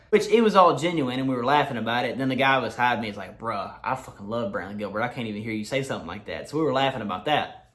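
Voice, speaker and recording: Fast-talking man telling a story. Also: medium pitch. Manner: excited, swearing, quick run-on telling. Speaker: vlogger. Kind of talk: casual storytelling to camera.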